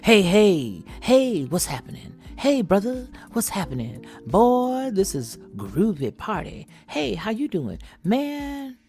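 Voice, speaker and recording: A woman's voice: medium pitch, sing-song, slow, few pauses, a little mellow, faint music behind, pitched above the performer's own voice. A woman voicing hip 1970s party guys who trade loose, jivey greetings.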